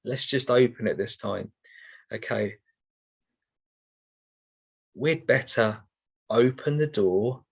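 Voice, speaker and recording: A man's voice: mid-range voice, creaky. A middle-aged man teaching sign language in an online session, explaining each step patiently with many ums and okays.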